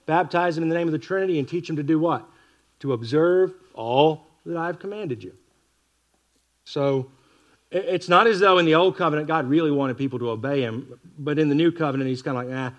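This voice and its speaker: A man preaching an expository sermon, reading scripture slowly and with weight, with wry asides to the congregation. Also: medium pitch.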